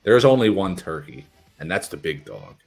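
A man's voice: low voice, very animated, moderate pace, vocal fry, breathy edge, faint music behind. A man co-hosting a casual wrestling podcast, hesitant and wry. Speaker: podcast co-host.

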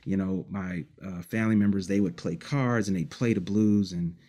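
A man from Detroit, a musician guest, telling childhood memories in a relaxed, rambling interview, with many fillers and short laughs. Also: low-pitched, normal speed. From Detroit, United States. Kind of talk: casual storytelling interview.

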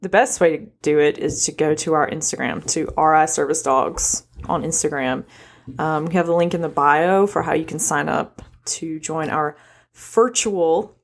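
A woman co-hosting a casual podcast chat, quiet and chiming in with short replies. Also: deep voice, steady tone, moderate pace, gravelly. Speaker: podcast co-host.

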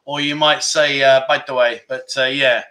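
Bright, teasing male livestream host. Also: medium pitch, moderate pace. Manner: teasing, playful, excitable. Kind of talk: casual live chat, reading viewer comments. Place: Pattaya, Thailand.

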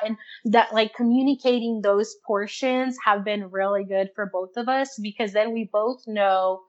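Young woman, casual chatty guest, laughs a lot, middle pitch, muffled lo-fi audio. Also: fairly even intonation, normal speed, hardly any pauses. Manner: chatty, laughs often, acts out her own inner voice. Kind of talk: casual interview chat.

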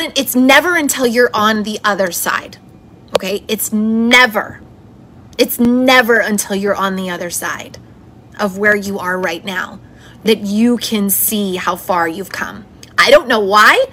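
A woman's voice: mid-range voice, measured pace, bright, forceful tone, slight background noise. A woman hosting her own podcast, talking in a chatty, encouraging and upbeat way. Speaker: podcast host. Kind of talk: solo motivational podcast talk.

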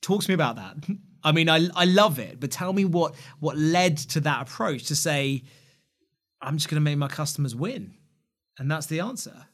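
A man's voice: on the high side, expressive, moderate pace, a bit bright. Enthusiastic chatty male podcast host. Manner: enthusiastic, chatty, laughs easily. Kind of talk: casual podcast interview.

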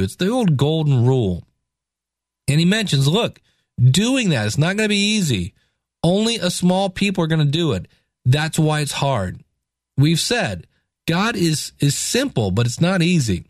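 A man preaching, reading scripture slowly and breaking into casual, chatty asides to explain it. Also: fairly high pitch, sing-song, no echo, studio quality. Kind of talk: Bible reading and teaching.

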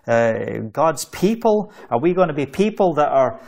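Speaking at a moderate pace, this man has a fairly high, very animated voice with a slightly mellow quality. His online sermon is fervent and repetitive, with scripture read aloud in between his exhortations.

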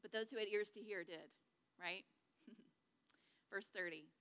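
A woman's voice: medium pitch, slow pace, a bit bright, clear, resonant tone, big-room sound. A woman teaching a Bible study lesson to a group in a chatty, joking way, checking in with her listeners. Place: large room with a group.

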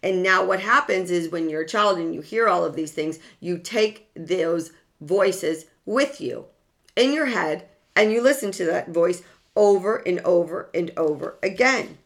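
A woman's voice: on the low side, a little slow. A woman giving a motivational self-help talk to an audience. She speaks earnestly, repeats key words and asks rhetorical questions as she goes.

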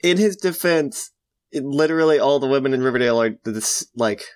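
A woman's voice: very deep voice, lively intonation, brisk. A woman co-hosting a podcast, dropping wry, sarcastic asides in casual chat. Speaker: podcast co-host.

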